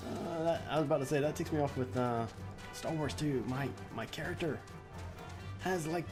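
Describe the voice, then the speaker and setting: A man casually commenting on a video game he is playing, rambling with chuckling asides. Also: fairly high pitch. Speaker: let's play host.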